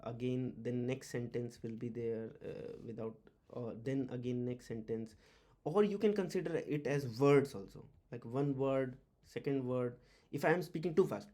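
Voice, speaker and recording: An automotive diagnostics instructor gives an informal whiteboard lecture on tech in a medium-pitched, dark-toned voice. He speaks haltingly, with many "uh" fillers and restarts, and repeats key words.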